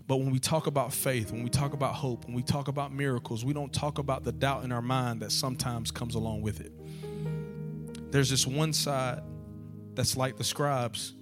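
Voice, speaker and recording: A man preaching a sermon, asking rhetorical questions again and again and building to loud, repeated calls. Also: medium pitch. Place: church sanctuary.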